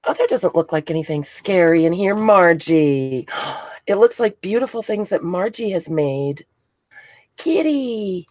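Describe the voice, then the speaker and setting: A woman's voice: on the low side, normal speed, hardly any pauses, no room sound. A congested woman hosting a casual crafting livestream, chatting with viewers by name and gushing over what she unboxes. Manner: chatty, greets viewers by name, gushes excitedly. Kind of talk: casual live chat while crafting.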